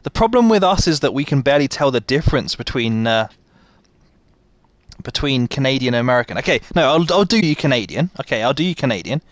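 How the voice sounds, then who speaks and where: A man's voice: medium pitch, very animated, dry recording. A British man giving casual, self-deprecating commentary to his chat while streaming a game. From Britain. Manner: self-deprecating, quick asides to chat, laughs often. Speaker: gaming streamer. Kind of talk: casual live gameplay commentary.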